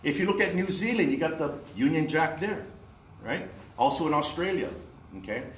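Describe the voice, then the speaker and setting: A man's voice: on the high side, lively intonation, moderate pace, a bit bright. A man giving a history lecture to a live audience, explaining step by step and often checking in with "right?" and "okay?". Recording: echoey room with faint noise.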